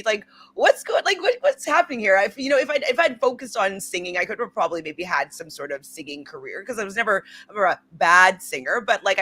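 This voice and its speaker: A woman's voice: fairly low pitch, bright, forceful tone. Earnest woman actress telling a story. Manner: earnest, rambling, many fillers and restarts. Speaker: actress and guest. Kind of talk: casual personal storytelling.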